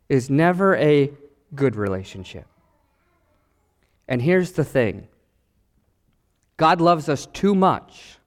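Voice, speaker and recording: A man preaching a sermon as pastor, animated and acting out the voices in his stories. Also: a little high, big-room sound.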